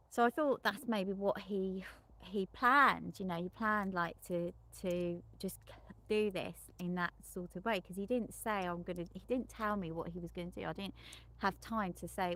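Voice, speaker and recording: A woman's voice: medium pitch, moderate pace, fairly bright tone. Frank, rambling woman sex therapist. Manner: rambling, frequent restarts and self-corrections; frank and unembarrassed on explicit topics. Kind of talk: casual monologue recounting a client session.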